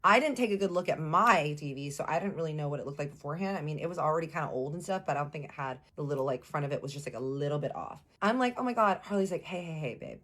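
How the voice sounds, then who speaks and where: A woman's voice: low voice, rapid-fire, few pauses. A woman casually telling a personal story to her audience, acting out the lines of the people in it and calling her listeners y'all. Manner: animated, acts out quotes, addresses listeners as y'all.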